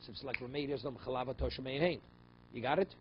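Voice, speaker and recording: A rabbi giving a Talmud class, reading Aramaic passages and explaining them in English, often checking with "okay?" and "right?". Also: male voice, medium pitch, quick pace. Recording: slightly dull, faint room noise.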